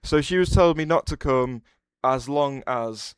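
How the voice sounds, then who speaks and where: A man streaming live and chatting loosely with his viewers, often breaking off mid-sentence to start over. His voice is smooth and clean, and it is recorded dry and close with no room sound. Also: medium pitch, normal speed, no echo. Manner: rambling, restarts sentences, answers chat aloud. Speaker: livestreamer. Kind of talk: casual livestream chat.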